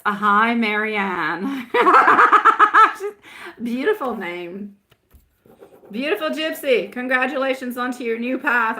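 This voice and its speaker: Reading tarot on a live stream, a woman chats casually and affectionately, laughing often and calling viewers "my love" and "sweetie pie." Her voice is a little high with a sharp tone.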